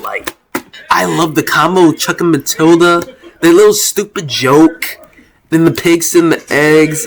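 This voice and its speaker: A young man giving casual tier-list commentary as host, excited and rambling, with many restarts and slang. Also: fairly high pitch. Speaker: video host ranking cartoon episodes.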